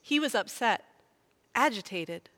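A woman reading scripture aloud, clear and earnest, in a group reading. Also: fairly high pitch, expressive, measured pace, fairly bright tone. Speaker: scripture reader.

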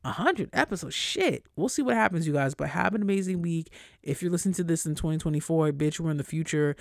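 A young adult podcast host in a casual solo monologue, blunt and slangy with lots of swearing, whose voice climbs high and loud when worked up. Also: fast, gravelly, no echo, clean studio sound.

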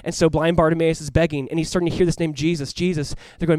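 Fast-talking pastor guy preaching, acts out the voices, goes from loud to hushed, dry close mic. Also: fairly high pitch, clean tone, no echo. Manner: animated, acts out voices of the crowd and the blind man; swings from loud cries to hushed earnest tones. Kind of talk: sermon.

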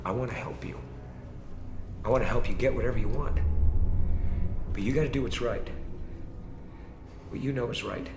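An actor playing a desperate man who pleads in a hushed, urgent voice with a captor in a film scene. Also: mid-range voice, normal speed, long pauses, natural voice. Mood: pleading, desperate. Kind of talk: film drama. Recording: roomy film audio with background noise.

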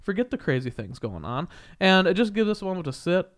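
A man's voice: high-pitched, sing-song, fast, fairly bright tone. A young man hosting a podcast, chatting casually with a guest in a rambling, jokey way. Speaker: podcast host. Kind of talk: casual chat.

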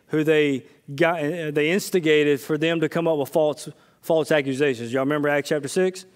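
A male pastor preaching a sermon in a conversational way, swinging between loud, excited bursts and hushed, low asides, with personal stories mixed in.

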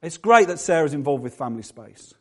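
Man, middle-aged, pastor, sermon, high-pitched, conversational, self-deprecating. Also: very animated, a little fast.

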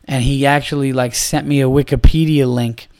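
A man hosting his own podcast, telling a story in a casual, animated way, swearing often and breaking into laughter. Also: mid-range voice, normal speed, smooth. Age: adult, began comedy around 2003. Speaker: podcast host.

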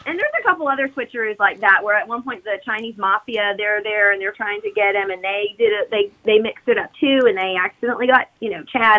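A woman's voice: fairly high pitch, sharp tone, low-quality recording. Chatty woman rambling through a movie recap. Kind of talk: casual chat recapping a movie.

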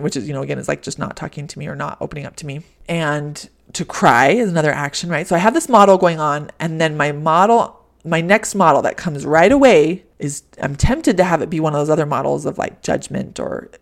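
A woman in her thirties hosts her own podcast as a life coach. She speaks in a fairly low, candid and self-reflective way, and her voice turns calm and soothing when she repeats gentle reassurances.

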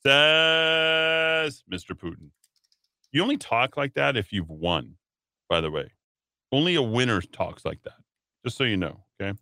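A man's voice: lowish voice, very animated, moderate pace, a bit bright, no room sound. A man hosting a talk radio show, riffing on the news with sarcastic, mocking asides into a studio mic.

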